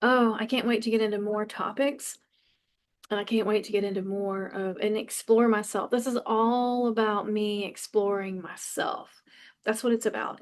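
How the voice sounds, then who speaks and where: A woman in her fifties hosting a podcast, talking passionately and bluntly in a candid personal monologue, swearing freely and often restarting her sentences. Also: mid-range voice. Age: 50s. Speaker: podcast host.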